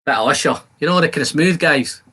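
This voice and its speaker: A man hosts a whisky-tasting livestream from his shed, chatting casually and joking with viewers as he reads out their comments. His voice is bright and forceful and sits a little high for a man. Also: fast. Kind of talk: casual live-stream chat while tasting whisky. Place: home shed.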